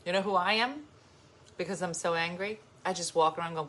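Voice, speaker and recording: A woman's voice: on the low side, a little fast, fairly bright tone. A woman vlogging at home in casual chat, rambling and playfully grumpy while sharing snacks with her dogs.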